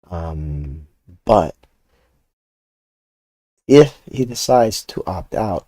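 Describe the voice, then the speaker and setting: Profane ranting older man, deep and mellow. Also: dry recording. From Puerto Rico. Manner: ranting, profane, talks to chat. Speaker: comic artist. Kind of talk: casual rant while inking art.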